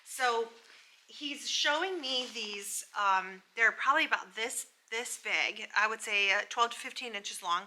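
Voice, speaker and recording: An American woman working as a psychic medium, emotionally retelling a spirit's story in a breathless, halting way. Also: fairly high pitch, bright, forceful tone, slight background noise.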